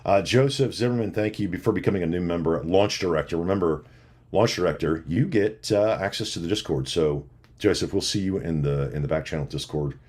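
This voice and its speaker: A man hosting a livestream, rapidly reading out supporter names and thanking them in a casual, jokey way. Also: sits low, a little mellow. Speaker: livestream host.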